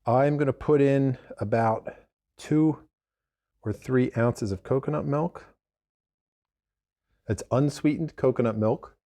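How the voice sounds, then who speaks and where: A man talks through his cocktail recipes in an easygoing, meandering way. He wanders off on asides and corrects himself mid-sentence, with a voice of middling pitch. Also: takes it slowly, pauses often, mellow. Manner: chatty, digressive, self-correcting. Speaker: bartender host. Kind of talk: casual cocktail demonstration.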